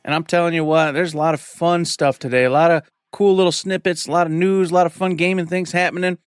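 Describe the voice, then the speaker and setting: A man's voice: on the high side, fairly even intonation, fast, clear, resonant tone, dry recording, clean studio sound, faint music behind. Upbeat man opening a podcast. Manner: upbeat, showman-like introduction. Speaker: podcast host. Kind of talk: show opening.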